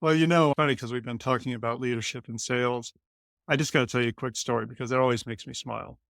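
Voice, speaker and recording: A man from Colorado, a company CEO, telling a lively story as a guest in an interview and acting out the voices of the people in it. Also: medium pitch, fast talker, creaky, no echo. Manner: animated, acts out quoted lines in other voices.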